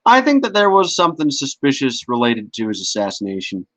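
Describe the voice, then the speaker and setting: A man's voice: mid-range voice, wildly swooping pitch, fairly quick, a bit bright, no room sound. A man hosting a casual podcast, talking bluntly with swearing and stammered restarts. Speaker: podcast host. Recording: dull lo-fi audio.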